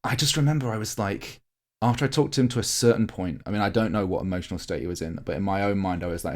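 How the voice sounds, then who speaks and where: A fast-talking man with a lowish voice co-hosts a podcast. In casual chat about a larp event, he tears up while telling a long, heartfelt, rambling story riddled with fillers and restarts.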